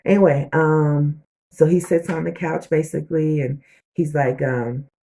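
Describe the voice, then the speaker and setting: Husky-voiced woman recapping a TV episode. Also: low voice, unhurried. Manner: animated storytelling with slang and asides. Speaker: TV show reviewer.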